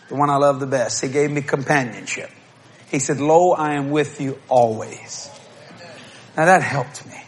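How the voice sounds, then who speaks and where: A middle-aged man preaching a humorous storytelling sermon, acting out quotes and bursting into shouts and laughter. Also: fairly high pitch.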